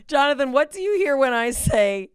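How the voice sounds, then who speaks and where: A woman's voice: sits high, no room sound, clean studio sound. A woman hosting a podcast, running a playful banter game, teasing and self-mocking and laughing often. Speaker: podcast host.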